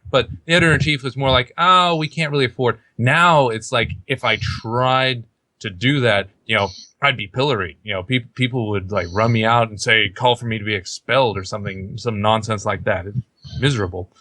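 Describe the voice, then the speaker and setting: A man's voice: lowish voice, brisk, sharp tone, dry recording. A young man hosting a casual podcast chat, rambling and outspoken, often acting out what others said. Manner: rambling, outspoken, quotes others in put-on voices. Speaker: podcast host.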